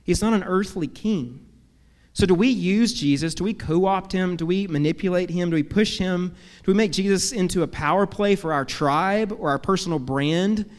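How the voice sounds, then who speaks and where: A man's voice: high voice, big-room sound. A man preaching a sermon as pastor, earnest, with rhetorical questions and long cascading lists.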